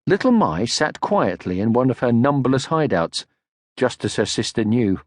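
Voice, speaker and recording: A man narrates a children's story with an expressive, gently paced delivery. His pitch moves a lot. The close, dry studio sound has no room in it. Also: normal speed, no room sound. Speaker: audiobook narrator. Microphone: close studio mic.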